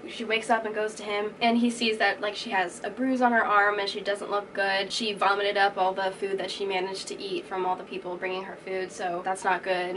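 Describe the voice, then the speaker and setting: Brief: casual woman vlogger, chatty, mid-pitched, filler-heavy book recap, sitting a bit back from the mic. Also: fairly bright tone, recorded from a distance, a little hiss or hum. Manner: chatty, full of fillers like "like", acts out quotes.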